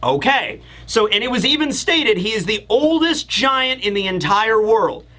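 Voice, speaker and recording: Male YouTube manga reviewer, high and bright, animated and rambling. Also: a little slow. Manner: animated, rambling, talks straight to viewers. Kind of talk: casual video review commentary.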